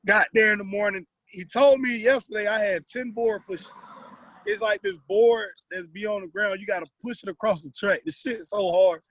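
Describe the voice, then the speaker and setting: A man's voice: sits high, moderate pace, no echo, poor audio. A man, a former football player, guesting on a podcast and telling a story casually in profane slang, acting out the other people in it. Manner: animated storyteller who acts out other people's lines.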